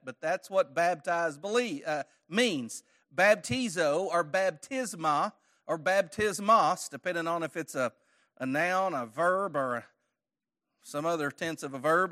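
A man's voice: fairly high pitch, unhurried, pushed and bright. A man teaching a church Bible study lesson, conversational, quizzing his audience with questions and joking lightly.

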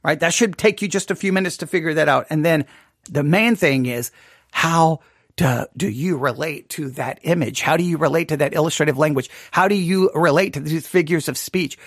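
A man's voice: fairly high pitch, moderate pace, no echo, studio quality. A man teaching a Bible study class, thinking aloud and asking many rhetorical questions.

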